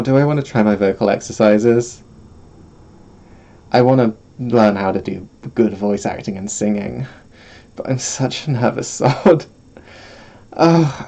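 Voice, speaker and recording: Speaking in a mid-range, darkish voice, a vtuber streamer rambles and giggles through casual livestream chat. He's self-deprecating and sits close to his streaming microphone.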